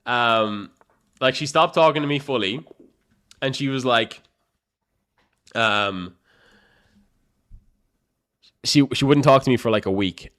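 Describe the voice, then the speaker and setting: A young man with an Irish accent, a chess streamer casually telling a story to his live chat in a profane, animated way. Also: lowish voice. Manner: profane, animated, swings between loud and mumbled.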